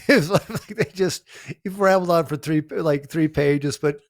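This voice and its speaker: A man co-hosting a podcast in an animated casual chat, laughing often. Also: on the high side, a little slow, slight background noise. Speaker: podcast co-host.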